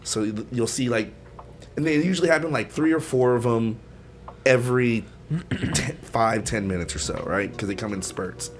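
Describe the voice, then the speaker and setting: A man's voice: mid-range voice, normal speed, noisy background. A man co-hosting a casual podcast chat, explaining things at length with lots of fillers. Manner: rambling explainer, many fillers. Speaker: podcast co-host.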